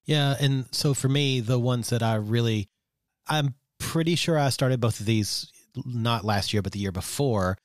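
A man's voice: mid-range voice, a little slow, dry recording, clean studio sound. A man in his forties, an opinionated podcast co-host chatting casually and swearing now and then. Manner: opinionated, swearing, animated when excited. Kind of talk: casual chat.

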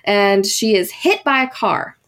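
A woman's voice: medium pitch, lively intonation, measured pace, a bit bright. A woman hosting a podcast, telling a ghost story in a casual, chatty way with many fillers and asides. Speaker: podcast host.

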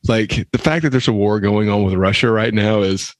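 A man's voice: fairly low pitch, normal speed, no room sound. A man from the United States co-hosting a comedy news podcast, teasing and wry in how he talks. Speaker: podcast co-host. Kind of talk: comic news podcast chat.

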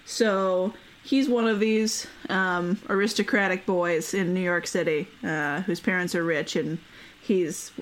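A woman's voice: on the low side, steady tone, measured pace. Giggly woman hosting a history podcast. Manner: chatty, laughs often, many fillers. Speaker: podcast host. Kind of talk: casual history podcast chat.

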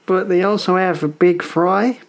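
A woman's voice: lowish voice, normal speed, creaky, very noisy. A woman co-hosting a casual podcast, trading jokey, self-deprecating banter. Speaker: podcast co-host. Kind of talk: casual chat.

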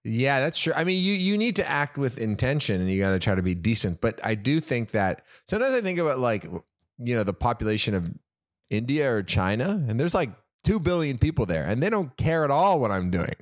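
A man, a musician guest, telling rambling, animated stories in casual podcast chat and laughing often. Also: mid-range voice, fairly quick, no room sound, studio quality.

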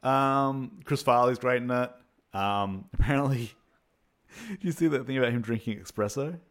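A man's voice: mid-range voice, moderate pace, fairly bright tone. A man co-hosting a podcast, chatting casually about a film in a rambling way with lots of fillers and frequent laughter. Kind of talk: casual film review chat.

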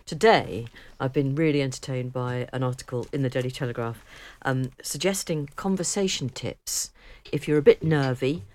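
A woman's voice: a bass voice, normal speed, hardly any pauses, darkish tone. A middle-aged woman, co-hosting a casual chat, talkative and self-deprecating with frequent laughter. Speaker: co-host.

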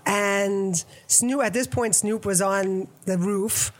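A woman's voice: medium pitch, slow pace. A middle-aged woman from New York, a photographer telling stories in a casual interview and acting out the voices in them. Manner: animated, acts out quoted dialogue. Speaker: photographer guest.

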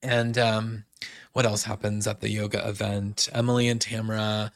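A man's voice: fairly low pitch, little pitch movement, moderate pace, creaky, no echo, clean studio sound. A male podcast host in a casual recap chat, rambling with lots of "like"s and restarts. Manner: chatty, many "like"s and restarts.

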